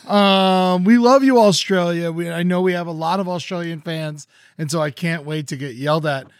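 A man with a fairly high voice trades jokes on a casual podcast. He is loud and playful and often stammers into restarts. His voice sounds close and dry, with no room around it. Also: level tone, fast talker, dry recording. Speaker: podcast co-host. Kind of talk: casual comedic chat.

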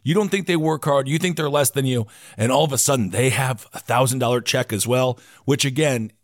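A man hosting a casual political podcast, animated and swearing freely. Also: mid-range voice, fairly quick, no echo, studio quality. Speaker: podcast host.

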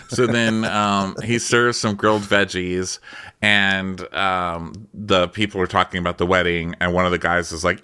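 A man's voice: low voice, fairly even intonation, normal speed, bright, forceful tone, smooth. A man co-hosting a podcast, recapping a TV episode in casual chat and slipping into playful impressions of the people in it. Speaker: podcast co-host.

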